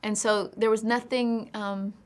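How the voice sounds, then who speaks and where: A woman's voice: medium pitch, flat delivery, unhurried. An actress being interviewed about her film, answering reflectively and at length in a candid way. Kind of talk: press junket interview.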